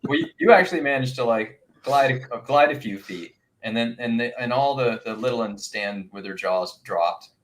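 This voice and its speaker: A man narrating a tabletop game as game master, rambling and halting with many restarts. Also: mid-range voice.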